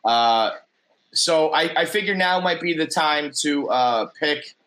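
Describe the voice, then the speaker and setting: A man's voice: on the high side, animated, slow, pushed and bright, rough recording. A middle-aged man co-hosting a casual sports podcast, rambling with restarts and easy laughter. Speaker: podcast co-host.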